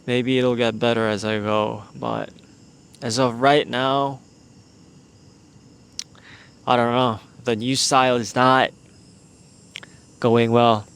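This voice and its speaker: A young man talks slowly through a casual solo podcast recorded outdoors in the evening. His mid-pitched voice has a gravelly edge. He rambles and sounds unsure, as if thinking aloud. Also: flat delivery, a bit bright. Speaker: podcast host.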